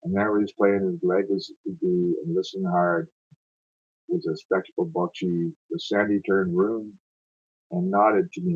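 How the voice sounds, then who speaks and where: A man's voice: low-pitched, lively intonation, normal speed, breathy edge, phone-quality sound. A man reading narrative verse aloud and chatting afterward, in a loose, stumbling way, often correcting himself. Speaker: amateur poetry reader.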